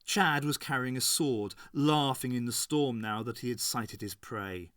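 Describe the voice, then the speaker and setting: Male audiobook narrator, mid-pitched, measured, dry studio-close sound. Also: fairly bright tone, no echo. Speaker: audiobook reader. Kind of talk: scripted narration.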